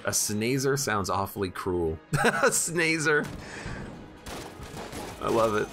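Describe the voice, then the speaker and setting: A man's voice: fairly low pitch, lively intonation, takes it slowly, over music. A man giving casual, jokey gameplay commentary while streaming and chatting with his viewers. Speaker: streamer playing a video game.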